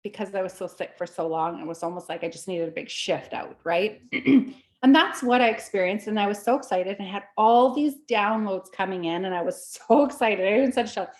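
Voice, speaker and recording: Woman, casual chat, animated storyteller, laughs often, acts out quotes. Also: mid-range voice, brisk. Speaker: podcast co-host.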